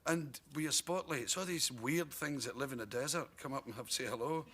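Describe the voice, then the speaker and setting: A Scottish man, a comedian guest in his thirties, tells animated talk-show anecdotes in a TV studio and laughs through his punchlines. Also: medium pitch, fairly quick, slightly rough. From Scotland. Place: TV studio with audience.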